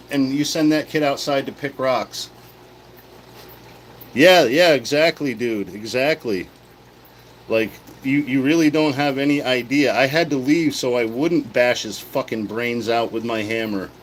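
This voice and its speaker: A man of middle pitch tells a story casually and heatedly, with a swear in nearly every line. He talks bluntly, like a guy venting to friends. A light background hum sits under his voice. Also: unhurried, rough recording. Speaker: livestream host.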